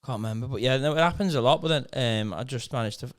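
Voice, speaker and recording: A man's voice: medium pitch, fast talker. A man chatting on a podcast, teasing his friends and rambling through stories with many restarts. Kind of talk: casual banter.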